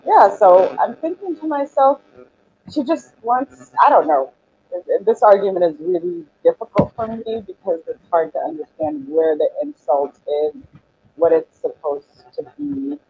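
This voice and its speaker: A woman calling into a stream, chatting calmly and sounding puzzled and affectionate. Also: medium pitch, normal speed. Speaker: caller. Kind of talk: casual chat on a call. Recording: muffled call audio.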